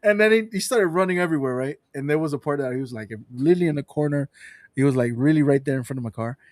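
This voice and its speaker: This is a man with a Latin American Spanish accent, speaking English as a second language. He swears freely and tells stories with plenty of energy. His pitch sits a little high, and the sound is dry and close to the mic. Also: rapid-fire, no room sound. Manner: animated storyteller, swears freely. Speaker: podcast co-host. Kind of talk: casual chat. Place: Panama.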